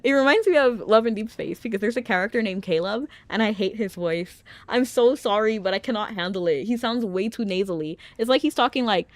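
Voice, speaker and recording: A woman's voice: on the high side, animated, fairly quick, few pauses, no room sound. A young adult woman streaming a game, chatting casually, often giggling and rambling between read-out dialogue.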